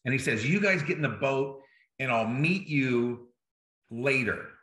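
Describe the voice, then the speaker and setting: A man's voice: mid-range voice, expressive, measured pace, a bit bright, roomy sound. A man preaching a sermon as a pastor, in a conversational way that keeps checking in with the listeners. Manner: conversational, checks in with "right?" and "okay?".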